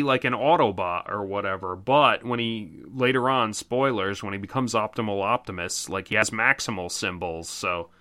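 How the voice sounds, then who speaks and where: A man's voice: on the low side, moderate pace, few pauses, pushed and bright. A man hosting a fan podcast, reading a plot recap and then chatting in a rambling, profane way full of fillers. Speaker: podcast host. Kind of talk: synopsis reading and casual chat.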